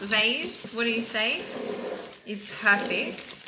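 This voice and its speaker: A woman in her thirties talks casually to the camera in a bubbly, giggly way, her voice sitting a little high. She is recorded in an echoey room at home, with clear noise in the background. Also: a little slow. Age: 30s. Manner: bubbly and giggly, laughs often. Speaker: vlogger. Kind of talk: casual vlog chat to camera. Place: at home indoors.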